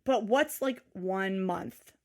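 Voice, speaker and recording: A woman's voice: mid-range voice, slow. A woman co-hosting a podcast in casual recap chat, swearing freely and laughing often. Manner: profane, animated, laughing often. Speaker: podcast co-host.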